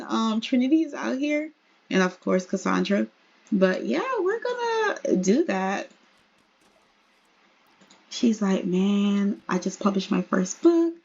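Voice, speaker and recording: A woman's voice: on the high side, creaky, a little mellow, breathy edge. A woman giving chatty, giggly, casual commentary as she plays a life-sim game, on a slightly muffled lo-fi recording. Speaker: let's play host.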